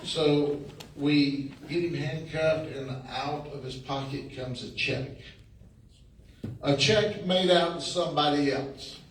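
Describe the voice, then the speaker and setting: A man's voice: a little high, steady tone, takes it slowly. A middle-aged man with a drawl tells down-home stories to a room, mimicking the people in them and chuckling along. He sounds far from the mic in a very echoey space, with a faint hum underneath. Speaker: sheriff giving a talk. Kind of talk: folksy storytelling speech. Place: meeting room.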